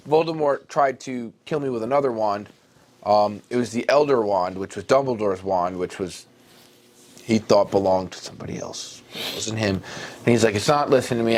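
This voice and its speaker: Animated mock-dramatic podcast guy. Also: medium pitch. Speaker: podcast co-host. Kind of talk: comedic casual retelling.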